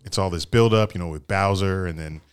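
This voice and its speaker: Low-voiced animated podcast co-host man. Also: brisk, clean tone, no echo. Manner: animated, breaks into laughing impressions. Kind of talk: casual chat.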